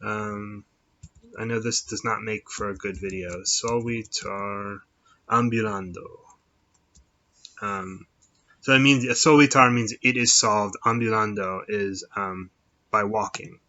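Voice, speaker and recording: A man's voice: lowish voice, fairly even intonation, slow pace, sharp tone. A middle-aged man chatting casually on his own show, rambling with many fillers and restarts. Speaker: podcast host. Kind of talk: casual solo chat. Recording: dull lo-fi sound.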